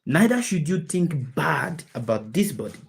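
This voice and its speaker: A spiritual teacher with a deep, low, gravelly and slightly rough voice addresses a group over a video call. Very animated yet a little slow, she speaks emphatically, poses rhetorical question after rhetorical question, and repeats key phrases to hammer them home.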